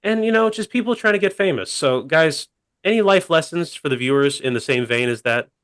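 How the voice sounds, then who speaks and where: A man telling a funny story on a podcast in a deadpan, rambling way, full of fillers. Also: fairly high pitch, brisk, dry recording. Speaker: podcast co-host. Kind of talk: casual comedic storytelling.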